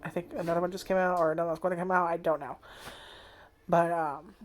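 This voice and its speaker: A woman's voice: lowish voice, level tone, fast talker, slight background noise. Rambling, swearing woman vlogger. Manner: rambling, swears often, trails off. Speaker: anime vlogger. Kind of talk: casual chat. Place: home, indoors.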